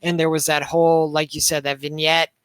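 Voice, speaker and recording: On a podcast, a male co-host reviews a movie in casual conversation, rambling with plenty of fillers and frequent swearing. His voice is on the high side, fairly bright, clear and resonant, delivered flatly and a little fast, with no room sound.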